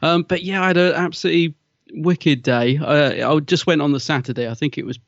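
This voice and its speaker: A man co-hosting a podcast, telling stories in a relaxed chatty way and laughing often. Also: fairly high pitch, fairly quick, no room sound. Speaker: podcast co-host. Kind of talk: casual chat. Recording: dull, muffled audio.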